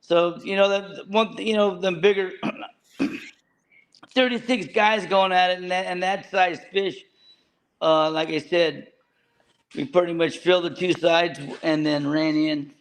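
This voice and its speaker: High-voiced halting fishing captain, a man. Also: steady tone. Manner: halting, repeats words, plain-spoken. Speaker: fishing boat captain, guest. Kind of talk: casual interview.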